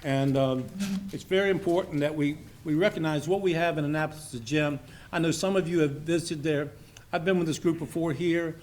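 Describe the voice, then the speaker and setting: A man's voice: fairly high pitch, brisk, a little mellow. An older man from Maryland giving a rambling, folksy speech to a society meeting, with many fillers and restarts. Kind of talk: informal after-dinner speech.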